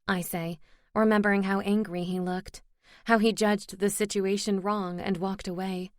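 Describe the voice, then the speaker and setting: Woman narrator, first-person fantasy romance audiobook, expressive reading, dry close sound. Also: medium pitch, moderate pace, dry recording.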